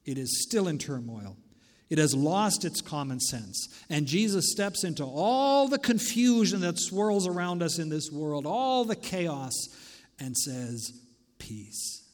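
A man preaching a sermon as pastor, swinging dramatically between loud declarations and hushed near-whispers. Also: on the high side, very animated, unhurried, in a large hall. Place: church sanctuary.

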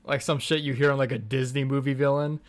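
A man's voice: medium pitch, steady tone, quick pace. A young man co-hosting a podcast, teasing and sarcastic in casual banter. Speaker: podcast co-host.

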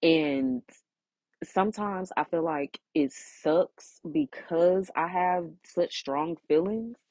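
A woman's voice: fairly low pitch, slow pace, darkish tone, no echo. A woman hosting her own podcast in a heartfelt solo monologue. She sounds emotional and close to tears, and she stresses her points by repeating phrases. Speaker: podcast host.

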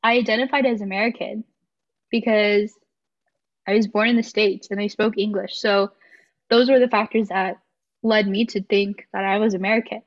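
A woman's voice: mid-range voice, fairly even intonation, moderate pace. Chatty young woman, slightly muffled. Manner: talkative, reflective, frequent likes and ums. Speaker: podcast guest. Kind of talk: casual interview conversation.

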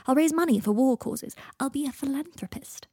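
A woman's voice: high-pitched, fairly quick, a little mellow, dry recording, pitched above the performer's own voice, natural voice. A woman voicing a theatrical young man in a story reading, talking in a dry, arch and dramatic way.

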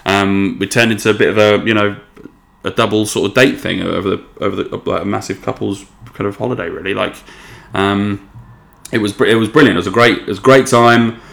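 A young man telling a long story in a casual, rambling way, swearing freely and getting excitable. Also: lowish voice, brisk, vocal fry. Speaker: podcast host.

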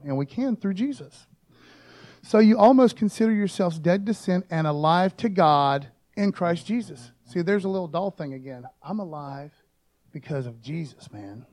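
A pastor with a high-pitched, darkish voice delivers a casual, joking sermon. He's informal, tossing in quick rhetorical asides and peppering his talk with "man" and "okay?".

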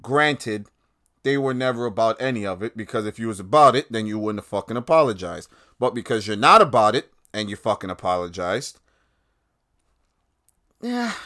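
On his own podcast, this host rants with heat, profanity and sarcasm in casual commentary. He speaks at a fairly low pitch with a fairly bright tone.

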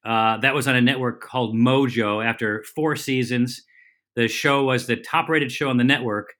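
A middle-aged man with a bright, forceful voice, chatting as a guest on a podcast. He tells his stories in a lively, rambling way and corrects himself as he goes, like a comedian at ease. His pitch sits in an ordinary middle range for a man. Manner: lively, rambling storyteller with quick self-corrections. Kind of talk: casual anecdotal storytelling.

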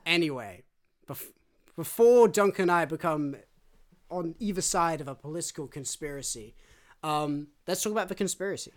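Animated man telling stories on a podcast. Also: on the high side, normal speed. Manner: animated storyteller who acts out quoted voices. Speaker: podcast co-host. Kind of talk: casual book-club podcast chat.

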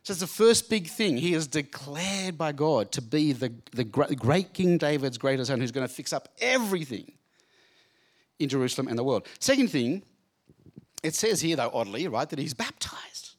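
Animated man giving a chatty Bible talk. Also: fairly high pitch, moderate pace. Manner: animated, chatty and jokey, acts out scenes. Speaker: speaker at a student Bible training night. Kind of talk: lively Bible talk to a live group. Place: room with a live audience.

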